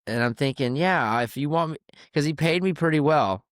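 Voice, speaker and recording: A man's voice: on the high side, animated, moderate pace, dry recording, studio quality. A man who works as a caddie and hosts a podcast, telling stories from the course in a candid, conversational way and swearing casually. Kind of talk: casual storytelling.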